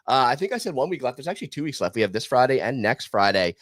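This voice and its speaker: A man's voice: mid-range voice, very animated, dry recording. A man hosting a casual podcast, running through a prediction game in an upbeat, chatty way. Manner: upbeat, runs a prediction game with quick asides. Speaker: podcast host.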